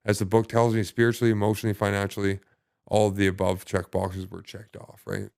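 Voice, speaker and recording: A man with a somewhat low voice talks casually as a podcast guest. He swears often and circles back through fillers and false starts. The sound is dry and close. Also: completely flat delivery, vocal fry, darkish tone, no echo. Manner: halting, profane, many restarts and fillers. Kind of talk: casual conversation.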